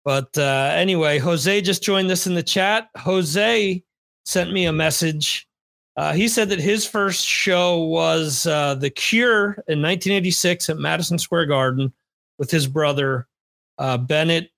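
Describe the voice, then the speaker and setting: A podcast host, a man with a fairly high voice, chatting casually and rambling through restarts and fillers. His sound is close and dry, with no room around it. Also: measured pace, vocal fry, a bit bright, no room sound. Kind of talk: casual chat.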